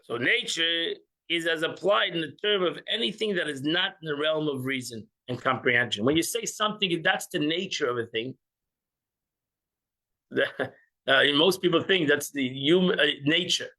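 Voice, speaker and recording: A man's voice: on the high side, expressive, moderate pace, sharp tone, low-quality recording. A man teaching an informal religious class, joking with listeners and acting out little scenes. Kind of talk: informal class with audience banter.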